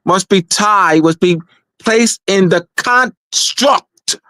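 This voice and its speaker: A man with a high voice gives an emphatic talk, driving each point home again and again. He speaks slowly and deliberately, often restarting his sentences. The sound is dry, with no room echo. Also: a bit bright. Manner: insistent, repeats key points, frequent restarts. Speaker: presenter of a weekly talk show. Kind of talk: emphatic lecture-style talk.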